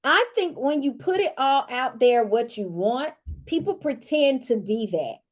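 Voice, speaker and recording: High-voiced woman, sassy recap vlogger, casual and teasing. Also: measured pace. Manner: sassy and animated, teasing asides. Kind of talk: casual chatty commentary.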